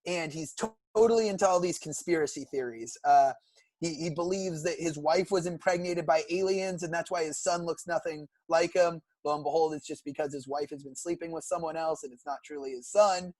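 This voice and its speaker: A man's voice: on the high side, a little fast, darkish tone, no room sound. A young man from California, co-hosting a podcast and eagerly retelling cartoon episodes in casual chat. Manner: enthusiastic, recounts plots at length. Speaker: podcast co-host.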